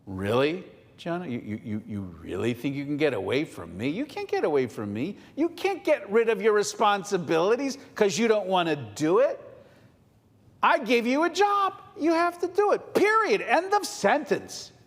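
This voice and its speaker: A man's voice: high voice, very animated, moderate pace, big-room sound, exaggerated voice. A man voicing God as a stern figure scolding a runaway prophet, in a family storytelling service. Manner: scolding, emphatic.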